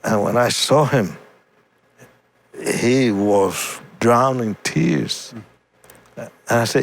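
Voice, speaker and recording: Deeply moved, the evangelist guest haltingly relates his testimony, words repeated and restarted along the way. His voice is creaky, with a little hiss or hum in the audio.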